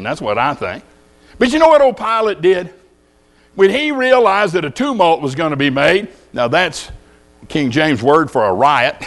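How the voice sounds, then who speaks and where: Texan male preacher, high animated voice, folksy storytelling sermon. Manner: folksy storytelling with rhetorical questions.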